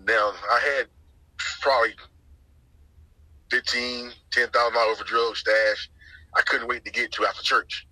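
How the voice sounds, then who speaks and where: A middle-aged man from North Carolina, telling his testimony in a lively way and acting out the voices he quotes. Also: medium pitch, moderate pace, pauses often, no room sound, rough recording. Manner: lively storyteller who acts out the voices he quotes, repeats phrases. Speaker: guest sharing his testimony. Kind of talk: personal testimony storytelling.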